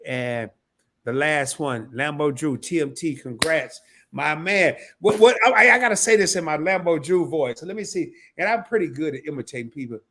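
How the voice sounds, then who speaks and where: Guy running a laid back live stream, kinda high voice, rambles and repeats stuff, laughs a lot. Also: a little fast, fairly bright tone. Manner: loose, talkative, repeats himself, bursts into laughter. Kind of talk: casual live stream chat.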